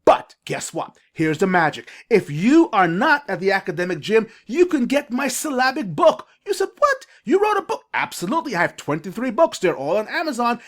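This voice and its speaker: An eager, emphatic reading coach walks parents through a phonics lesson on a shared screen. The voice sits at an ordinary middle pitch and stretches syllables out slowly. It keeps pulling the listener in with direct questions. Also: very animated.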